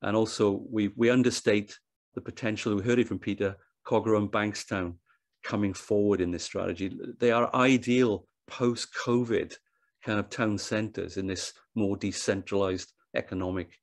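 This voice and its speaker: A man speaking at a conference with a fairly low voice, working through his slides. He thinks aloud, restarts phrases and repeats words as he goes. The sound is dry and close, with almost no room echo. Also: steady tone, normal speed. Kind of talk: presentation talk. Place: online event.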